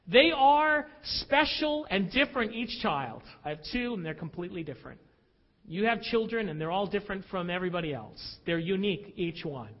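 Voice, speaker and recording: A man preaching a sermon, animated and dramatic as he tells stories to a church. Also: sits high, normal speed. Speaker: pastor. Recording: dull audio with long hall reverb.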